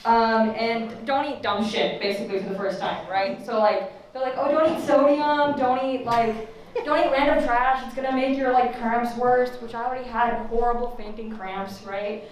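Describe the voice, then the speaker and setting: A woman's voice: a little high, fairly even intonation, moderate pace, slight background noise. Young woman doing stand-up in an echoey room. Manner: chatty, profane, laughs at her own lines. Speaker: stand-up comedian. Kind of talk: stand-up comedy set. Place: student comedy open mic. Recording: echoey room, far from the mic.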